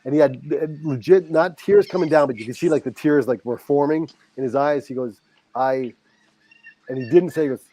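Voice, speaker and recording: A middle-aged man, a high school football coach, telling a heartfelt story as a podcast guest and acting out the dialogue. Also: moderate pace, warm tone. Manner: earnest, heartfelt, reenacts dialogue.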